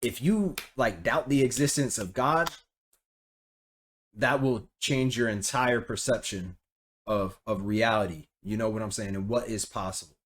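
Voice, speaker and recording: A man hosting a reaction video, talking in a relaxed, reflective, conversational way. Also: on the low side, a little slow, slight background noise. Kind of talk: casual commentary.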